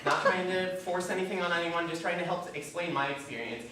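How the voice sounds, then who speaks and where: A woman comedian performing live stand-up with self-deprecating, animated delivery at a small venue. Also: lowish voice, fast talker. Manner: self-deprecating, animated, lots of put-on voices. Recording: echoey live room, distant mic, noisy.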